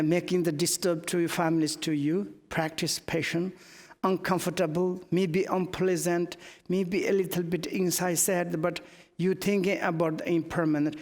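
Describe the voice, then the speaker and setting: Male Buddhist teacher, broken English with fillers, slightly high voice, long hall reverb. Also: a little mellow. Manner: broken English, many fillers, slow and halting. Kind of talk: Dharma teaching.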